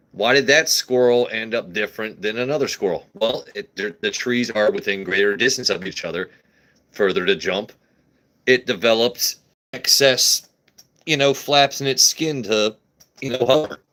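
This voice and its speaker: A man hosting a casual livestream, talking in a slightly low voice. He rambles from one joke to the next, crude and loose, swearing freely as he chats with viewers. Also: fairly bright tone. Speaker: livestream host.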